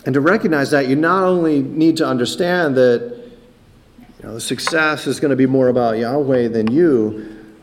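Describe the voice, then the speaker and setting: A man's voice: mid-range voice, moderate pace. A man preaching a sermon, earnest, often repeating words as he builds a point. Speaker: pastor.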